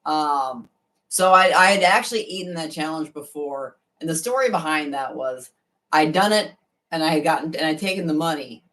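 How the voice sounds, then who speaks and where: A woman's voice: low-pitched, normal speed, recorded from a distance. A woman who eats competitively, chatting casually and telling rambling stories with lots of fillers. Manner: relaxed, rambling storytelling with fillers. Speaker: competitive eater. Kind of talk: casual chat.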